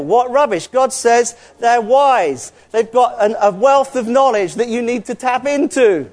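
A man's voice: extremely high pitch, a little slow, few pauses, a little mellow. A man preaching a sermon in an earnest, conversational way, with asides to the congregation.

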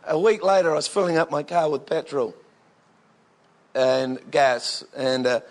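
Australian man, pastor, high voice, animated jokey sermon storytelling. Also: a little slow. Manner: animated, jokey, swings into bursts of excitement.

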